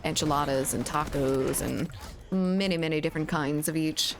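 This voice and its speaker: A woman's voice: deep voice, moderate pace, noisy background. A woman streamer chatting casually and reading viewer messages aloud, giggling often, at a desk mic at home. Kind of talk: casual chat reading live chat.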